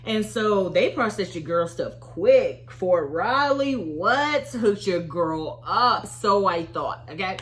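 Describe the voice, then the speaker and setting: Speaking slowly at medium pitch and with hardly any pauses, a woman in her thirties recounts a story for her vlog. The Army veteran is expressive and animated, playing out her own reactions as she goes.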